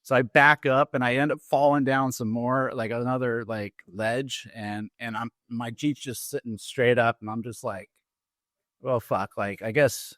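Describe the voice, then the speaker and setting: A middle-aged man, an Army veteran, telling his own story as a podcast guest, in a halting way with many fillers and restarts. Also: medium pitch, fairly even intonation, fairly bright tone, no echo, clean studio sound. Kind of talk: personal story told in an interview. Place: podcast studio.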